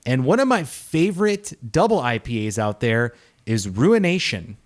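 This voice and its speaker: A man's voice: medium pitch, very animated, moderate pace. A man co-hosting a casual beer-review podcast, upbeat and chatty, laughing often. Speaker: podcast co-host.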